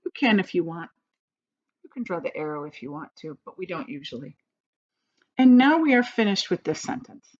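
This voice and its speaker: A woman's voice: fairly low pitch, big pitch swings, normal speed, pauses often, darkish tone, dull audio. A woman teacher giving a recorded grammar lesson, speaking patiently and encouragingly to young students.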